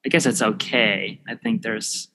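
Hosting his podcast, a man with a lowish voice talks in a relaxed, casual way, thinking aloud with fillers, ums, and restarts. He speaks at a measured pace with a bright, forceful tone, captured on headphones and a podcast mic in low quality.

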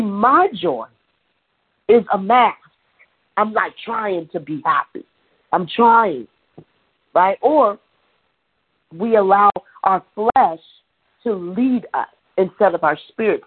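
A woman preaching a sermon in a conversational, animated way, laughing now and then. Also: medium pitch, takes it slowly, pauses often, husky. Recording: tinny phone-like sound.

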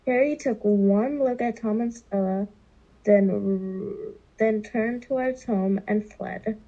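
A woman reading a children's novel aloud, slowly and deliberately, with occasional stumbles. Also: mid-range voice, mellow, dull audio. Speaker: reader.

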